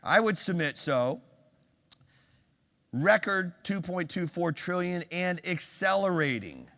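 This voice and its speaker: Older male keynote speaker, fairly high and bright-toned, punchy stage delivery that pokes questions at the crowd, hall reverb. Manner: energetic, quizzes the audience with quick questions. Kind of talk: conference keynote. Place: large conference hall.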